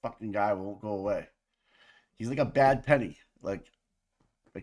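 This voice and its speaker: A man's voice: fairly low pitch, normal speed, pauses often, a little mellow. A man co-hosting a livestream in casual, profane, rambling chat with his viewers. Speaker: livestream co-host.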